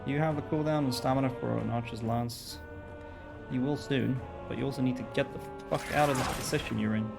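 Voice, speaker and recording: A man with a gravelly, fry-edged voice talks through his gameplay live, swearing and exclaiming to himself as fights break out. His pitch sits in an ordinary middle range. Faint music plays behind him. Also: steady tone, brisk. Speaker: gamer streamer.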